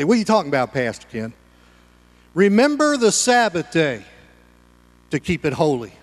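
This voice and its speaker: A pastor delivers a sermon in a high, light voice, folksy and conversational with touches of humor. A long hall reverb makes his words ring out as if in a church sanctuary.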